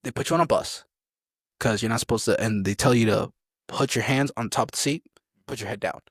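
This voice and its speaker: A man's voice: mid-range voice, brisk, fairly bright tone, dry recording, studio quality. A young man, a soldier, telling army stories in a rambling, casual way as an interview guest. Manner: rambling, gets sidetracked, acts out drill sergeants.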